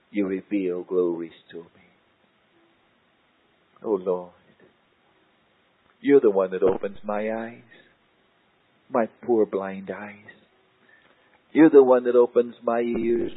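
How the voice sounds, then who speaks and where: A man preaching and praying slowly, with a husky voice that often sinks to a hush. He repeats his phrases in a prayerful way. The sound is tinny and narrow, like an old lo-fi tape. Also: on the low side, no echo. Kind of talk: sermon and spoken prayer. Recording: tinny, narrow-band lo-fi recording.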